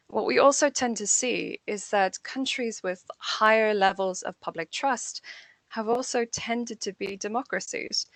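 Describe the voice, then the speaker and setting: A woman giving an academic panel talk in a measured, thoughtful way, often repeating a phrase as she works toward her point. Her pitch sits in a middle range. The sound is dry and close, with no room echo. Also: a bit bright. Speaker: panel speaker.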